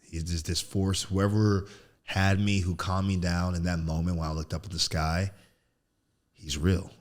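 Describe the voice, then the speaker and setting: A man in his thirties, a podcast guest, telling a story in casual chat, animated and throwing in "bro" a lot. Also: low voice, a little slow. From United States. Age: 30s. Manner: animated storyteller, acts out quotes loudly, says "bro" often.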